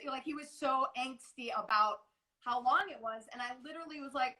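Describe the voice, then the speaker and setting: A woman's voice: fairly high pitch, a little fast, pushed and bright, low-quality recording. A woman in her forties, a guest coach, chatting earnestly on a video call, rambling with restarts and quoting herself. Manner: earnest, rambling, many restarts and acted quotes. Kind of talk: casual live interview chat.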